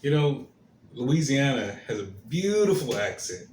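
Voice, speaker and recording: A man of middle pitch delivers his commentary stream at a slow, unhurried pace. He hesitates often, filling gaps with fillers and restarting his phrases before they trail off softly. His voice carries a roomy echo over a faint background hiss. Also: big pitch swings. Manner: halting, many fillers and restarts, soft trailing endings.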